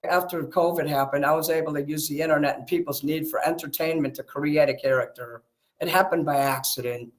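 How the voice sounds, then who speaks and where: A man's voice: fairly high pitch, steady tone, fairly quick. A man in heated casual conversation, agitated and defensive, swearing often. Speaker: streamer talking with a friend.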